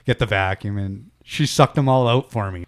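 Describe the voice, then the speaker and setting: Low-voiced guy chatting in his kitchen, swears a lot, laughs a lot. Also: normal speed. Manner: swears a lot, laughs often, animated storyteller. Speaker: podcast co-host. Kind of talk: casual chat. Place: home kitchen.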